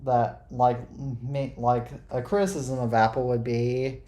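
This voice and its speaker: A podcast co-host in casual chat, with a mid-range voice. The delivery is halting and sarcastic, full of restarts and self-corrections. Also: medium pitch, flat delivery, warm tone.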